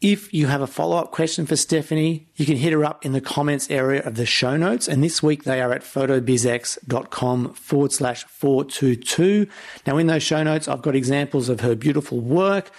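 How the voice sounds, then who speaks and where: A man's voice: medium pitch, moderate pace, gravelly. A man hosting a podcast interview, upbeat and effusive as he thanks his guest. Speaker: podcast host.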